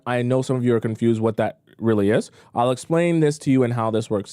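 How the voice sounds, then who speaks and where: Mellow-voiced man hosting a dating-advice stream. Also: mid-range voice, no room sound, clean studio sound. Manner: emphatic, repeats points for stress. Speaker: dating coach and live-stream host. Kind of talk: casual live-stream advice talk.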